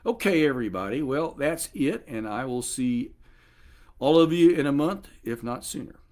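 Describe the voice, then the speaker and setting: A man's voice: mid-range voice, lively intonation, normal speed, darkish tone. A man wrapping up a live music show, a little out of breath, thanking viewers and saying good night.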